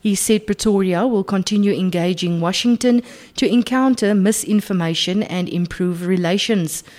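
A woman's voice: medium pitch, moderate pace, darkish tone. A woman with a South African accent, a radio newsreader in the studio who reads the bulletin and chats with the host. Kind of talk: news bulletin and studio banter.

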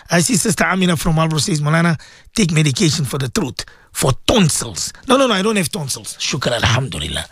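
A man hosting an Islamic radio show as a maulana, preaching with passion and repeating himself for emphasis. He has a sore throat and keeps clearing it. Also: fairly high pitch, very animated, fairly quick, a bit bright, no echo, studio quality. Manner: impassioned, repetitive, rising to emphatic peaks.

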